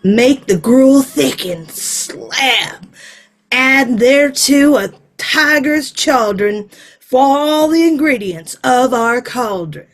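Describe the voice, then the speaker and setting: A woman doing a giggly slow Southern witch. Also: sits high, animated, heavily acted. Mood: chanting. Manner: slow, laughing recitation with stumbles. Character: giggling old witch stirring a cauldron. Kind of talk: amateur stage-play reading.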